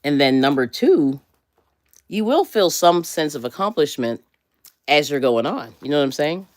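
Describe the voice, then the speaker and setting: A woman's voice: low voice, big pitch swings, moderate pace, a little mellow, dry recording, clean studio sound. An American woman hosting a casual motivational livestream, rambling and self-correcting and laughing often. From USA. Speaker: livestream host.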